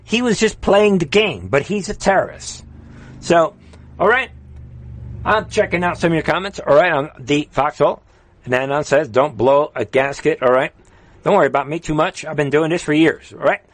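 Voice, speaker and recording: A man hosts a political livestream, ranting fiercely and urging viewers on with fiery, repeated exhortations, swinging between shouting and quiet before reading chat comments aloud. His voice is a little high, with lively intonation and normal speed.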